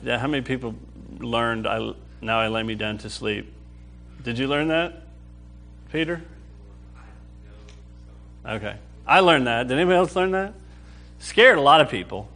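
A man teaching a sermon to a live audience, acting out quoted prayers with animated swings in his voice. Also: mid-range voice. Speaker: preacher.

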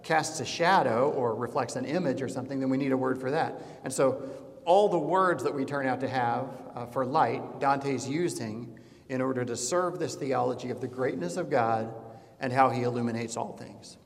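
A man's voice: medium pitch, moderate pace, big-room sound. A man giving a conversational classroom lecture, digressive and full of fillers, showing slides as he goes.

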